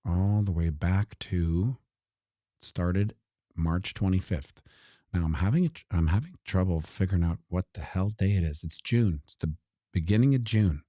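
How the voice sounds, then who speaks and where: A man's voice: low-pitched, a little slow, warm tone, no echo, clean studio sound. A man giving casual, joking commentary on crypto charts while looking things up on his computer. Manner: joking asides, talks while scrolling.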